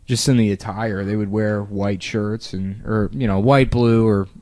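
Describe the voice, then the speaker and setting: A man's voice: on the low side, fairly even intonation, unhurried, darkish tone, dry recording. A man co-hosting a comedy podcast, chatting in a rambling, profane way. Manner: rambling, profane, drops into silly voices. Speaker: podcast co-host. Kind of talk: casual podcast banter.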